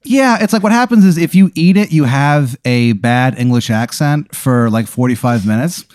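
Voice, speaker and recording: A man's voice: medium pitch, moderate pace, no room sound, clean studio sound. A man hosting a podcast, rambling through an improvised comedy bit and slipping into goofy voices. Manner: animated rambling storyteller with goofy put-on voices. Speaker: podcast host.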